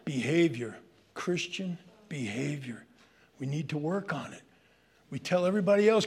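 An older man with a New York accent, preaching a sermon in an animated, joking way that turns into rants. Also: on the high side, moderate pace, husky. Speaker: pastor.

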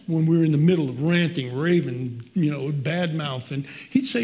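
A man's voice: on the high side, moderate pace, few pauses. Earnest middle-aged male pastor preaching. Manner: earnest, conversational preaching with scripture readings. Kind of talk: sermon.

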